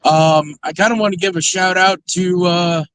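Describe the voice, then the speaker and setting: A man joining a livestream as a guest in casual chat, speaking in a relaxed, unhurried way. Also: sits high, clear, resonant tone, low-quality recording.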